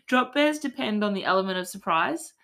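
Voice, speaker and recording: A woman's voice: mid-range voice, a bit bright. An Australian woman hosting a casual podcast, telling a tall tale in a mock-serious, playful way. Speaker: podcast host.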